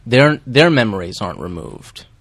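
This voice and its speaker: Measured low-voiced male co-host. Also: very animated, creaky, fairly bright tone, slightly rough, no echo. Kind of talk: casual movie commentary chat.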